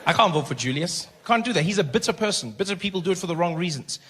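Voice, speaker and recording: A male stand-up comedian tells a story live on a theatre stage into a handheld mic. He talks in a fairly high voice and slips in and out of characters and his own inner monologue. Audience noise sits clearly underneath. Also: expressive, quick pace.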